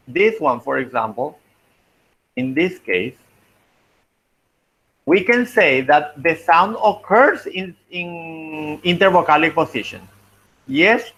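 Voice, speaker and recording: A man teaching a linguistics class, talking slowly and thinking aloud as he works through examples. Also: on the high side, a bit bright, poor audio. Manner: slow, thinking aloud while writing, frequent "okay" and "let me see". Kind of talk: online class lecture.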